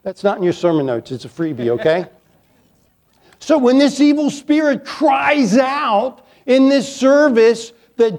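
A man's voice: very high-pitched, darkish tone. A male pastor preaching a sermon, emphatic, repeating key lines and dropping playful asides to the congregation.

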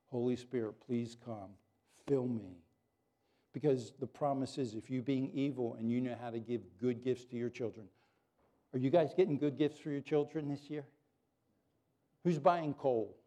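A pastor delivers a sermon to his congregation at a medium pitch. He is earnest and animated, though now and then he drops into soft prayer.

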